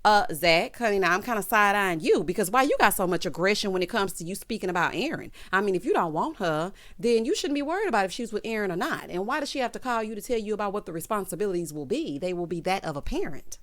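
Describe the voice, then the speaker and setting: A woman's voice: medium pitch, expressive, fast, hardly any pauses, fairly bright tone. A woman recapping a TV drama in casual, sassy commentary, acting out the characters' lines in a Southern-tinged style. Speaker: TV recap host.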